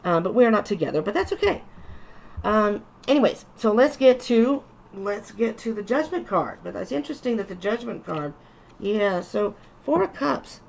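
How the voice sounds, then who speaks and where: Female tarot reader, gravelly voice, relaxed chatty reassuring delivery, casual vlog. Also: mid-range voice, normal speed. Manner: chatty, reassuring, with frequent restarts. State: tired.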